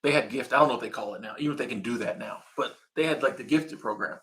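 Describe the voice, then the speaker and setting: A man's voice: medium pitch, fast talker, a bit bright. A man in his thirties hosting a casual live stream, reading viewer comments and chatting in a laid-back, slangy way.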